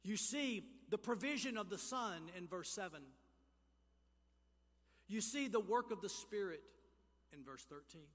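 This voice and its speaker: A man preaching a sermon as pastor, animated, swinging from quiet explanation to shouted emphasis. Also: high-pitched, a little slow, pauses often. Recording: long hall reverb.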